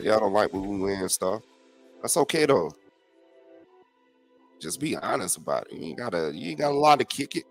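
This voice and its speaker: Blunt low-voiced man ranting. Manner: blunt, profane, animated ranting. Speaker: podcast host. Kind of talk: casual solo commentary.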